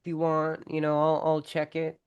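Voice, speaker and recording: A woman hosting a casual livestream chat from home, talking in an unhurried, thoughtful way. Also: low voice, completely flat delivery, a little mellow, smooth, no echo. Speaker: host of a live stream.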